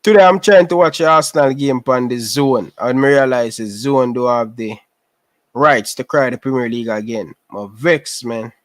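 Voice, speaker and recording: A man with a Jamaican accent who lives in Canada hosts a livestream, chatting casually with viewers, repeating himself and calling them out by name. His voice is medium-pitched at a moderate pace, in a dry recording.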